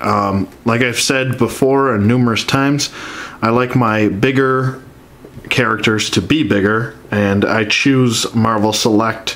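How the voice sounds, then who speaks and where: A man's voice: medium pitch, fairly bright tone. A stuffed-up man reviewing an action figure in an easygoing, conversational way. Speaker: toy collector reviewer. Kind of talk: casual toy review.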